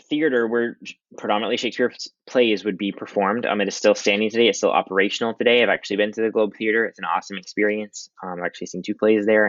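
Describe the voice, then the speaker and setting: A young adult man, a high school English teacher, giving a casual recorded slideshow lecture with many ums. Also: no room sound. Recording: dry, dull lo-fi audio.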